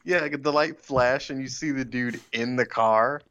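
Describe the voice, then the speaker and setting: A man's voice: medium pitch, measured pace, fairly bright tone. Joking man with short asides, dull sound. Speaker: podcast co-host. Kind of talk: casual chat.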